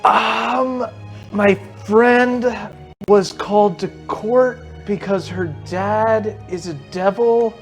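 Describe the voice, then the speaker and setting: A man playing his character in a tabletop game, halting and searching for words. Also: high-pitched, fairly even intonation, faint music behind. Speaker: player.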